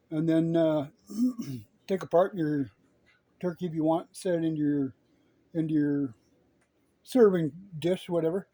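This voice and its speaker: A man's voice: fairly high pitch, mellow. A man hosting a casual cooking vlog, chatting as he shows the meal and teasing a pet chicken, often asking "right?". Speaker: outdoors channel host.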